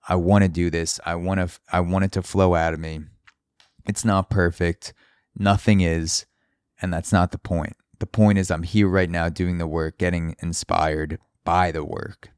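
Solo podcast host, male, very low voice, smooth and clear, earnest and encouraging. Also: no echo, clean studio sound. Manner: earnest, encouraging, repeats himself for emphasis.

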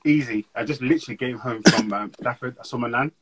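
A young man, chatting as an interview guest and telling animated, slangy stories. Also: mid-range voice, fast, heavy background noise. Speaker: guest speaker. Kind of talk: casual interview chat.

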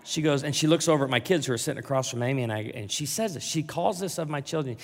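Animated pastor with hall echo. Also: male voice, fast, few pauses. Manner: animated, jokey, big swings in volume and pitch. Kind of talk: storytelling sermon. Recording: large hall reverb.

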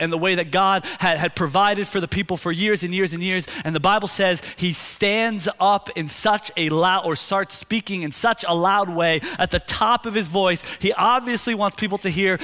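A male pastor preaching a sermon, telling the scene vividly and dropping to a hushed, intense tone for key points. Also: high-pitched. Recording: long hall reverb.

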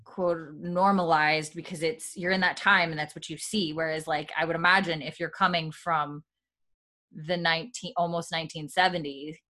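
A woman's voice: low voice, steady tone, normal speed, pushed and bright. A woman hosting a casual podcast chat, retelling scenes with quoted lines, many fillers and frequent laughs. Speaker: podcast host recapping a TV episode.

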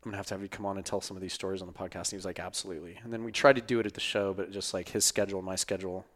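Man, low pitch, casual podcast host, rambling, voice going hoarse. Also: little pitch movement, rapid-fire, fairly bright tone. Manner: loose, rambling, swears casually. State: losing his voice. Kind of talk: casual chat.

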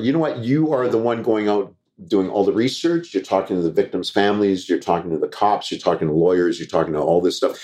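A man's voice: on the low side, a little mellow. A middle-aged Canadian man, a former TV reporter and comedian, telling stories in a casual interview and acting out quoted dialogue.

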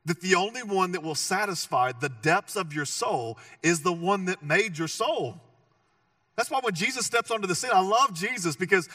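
A man's voice: high-pitched, lively intonation, brisk, sharp tone, no room sound, studio quality, distant mic. A man preaching a sermon as pastor, conversational and joking, with emphatic repeated phrases.

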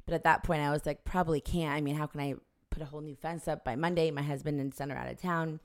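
A woman's voice: deep voice, fast talker. A woman in her forties telling a family story in casual chat, acting out the voices of the people in it. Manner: animated storyteller acting out quoted dialogue.

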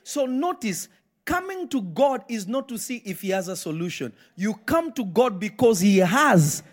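A high, lively preacher, slow and fervent. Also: male voice. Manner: reads scripture slowly, then bursts into impassioned shouting. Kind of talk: live sermon. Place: church sanctuary.

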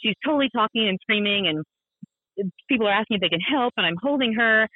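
A woman in her thirties, a podcast guest and mother, telling a personal story in an animated, self-deprecating way with lots of laughs and fillers. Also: medium pitch, fairly quick, no echo. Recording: thin phone-like sound, dry.

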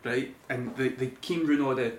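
A Scottish man co-hosting a podcast, telling an animated story and acting out what people said. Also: medium pitch, normal speed, a little hiss or hum. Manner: animated storyteller, acts out dialogue. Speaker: podcast co-host. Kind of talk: casual chat. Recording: echoey room.

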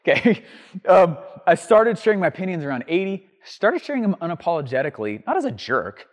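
Lively man telling stories in a reverberant room. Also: high voice, brisk. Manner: energetic, rambling, full of ums and restarts; writes on a board while talking. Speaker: show host teaching entrepreneurs. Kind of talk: animated storytelling to camera.

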